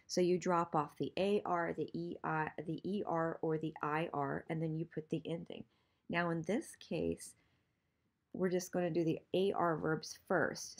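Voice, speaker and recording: A woman teaching Spanish grammar in an online lesson, patiently repeating examples and slowing down for practice sentences. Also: fairly low pitch, a little mellow.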